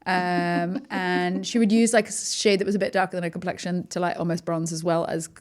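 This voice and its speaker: A woman's voice: on the low side, a little fast. A woman in her thirties from northern England, with an English accent tinged by an American twang, telling stories animatedly as a podcast guest. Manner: animated, laughing storyteller. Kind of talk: casual chat.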